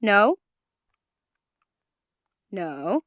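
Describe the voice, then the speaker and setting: A woman's voice: medium pitch, sing-song, a bit bright, no echo. Chatty young woman hosting a live audio chat. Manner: chatty and rambling, many fillers and repeats, quick bursts. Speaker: host of a live audio space. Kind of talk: casual live chat to listeners.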